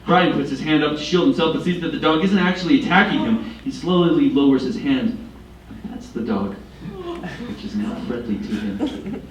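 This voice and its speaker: A man's voice: on the high side, normal speed, a little hiss or hum. A man reading stage directions aloud with amusement in a staged reading of a play. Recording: echoey room, distant mic, audience.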